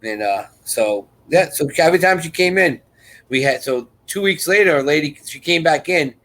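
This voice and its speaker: A man's voice: fairly high pitch, expressive, moderate pace, a bit bright, rough recording. A man hosting a live chat, telling a rambling story and acting out other people's lines. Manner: rambling and repetitive, restarts sentences; acts out others' lines in quoted voices.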